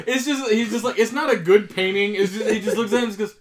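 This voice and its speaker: A man's voice: sits high, fairly even intonation, fast, few pauses. A man on a casual movie podcast telling a story with stammering restarts, laughing and swearing. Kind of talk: casual chat.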